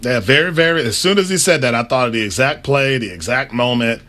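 A man co-hosting a sports radio show, animated and often laughing in casual talk. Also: mid-range voice, a little fast.

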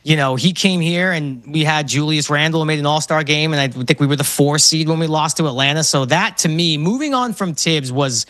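A man's voice: fairly high pitch, brisk, hardly any pauses, no room sound. A man, telling sports stories in casual talk as a guest. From Brooklyn, New York. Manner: animated, storytelling.

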